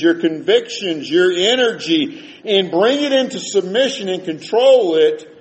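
A man preaching a sermon in a church, folksy and animated, dropping to soft low tones for emphasis.

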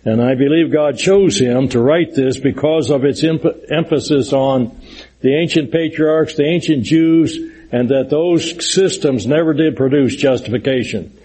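A man's voice: mid-range voice, unhurried, warm tone, a little hiss or hum, low-quality recording. A middle-aged man preaching a Bible lesson, earnest and explanatory, stressing points emphatically and reading scripture aloud. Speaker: preacher teaching a Bible study. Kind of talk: sermon-style Bible lesson.

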